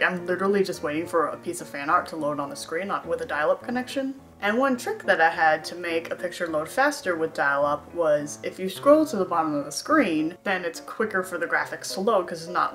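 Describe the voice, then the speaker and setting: A woman's voice: on the low side, a bit bright. A young woman vlogger telling a storytime tale in a sarcastic, self-mocking way. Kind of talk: storytime monologue.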